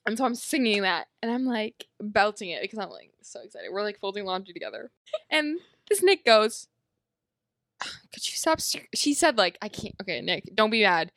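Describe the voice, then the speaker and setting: A woman's voice: medium pitch, sing-song, brisk, a bit bright, no echo, studio quality. A young woman co-hosting a podcast, chatting casually and telling stories dramatically with lots of "like". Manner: bubbly, dramatic storytelling with lots of "like". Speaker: podcast co-host. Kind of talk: casual chat.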